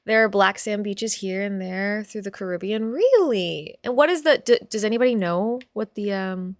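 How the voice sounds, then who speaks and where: A woman hosting a casual stream, chatting with viewers in an animated, sweary way. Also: medium pitch, moderate pace, no room sound, clean studio sound. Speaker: streamer host.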